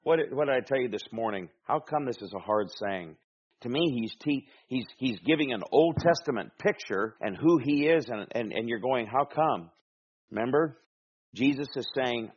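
Husky preacher guy going verse by verse, gets loud and emphatic, kinda muffled recording. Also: medium pitch, animated, normal speed. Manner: emphatic, rising loud on scripture readings. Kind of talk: expository sermon, reading scripture aloud.

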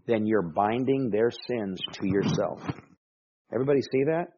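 A man preaching a sermon as pastor, emphatic, dropping soft and then rising to loud exclamations. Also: mid-range voice, moderate pace, husky. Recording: dull lo-fi recording.

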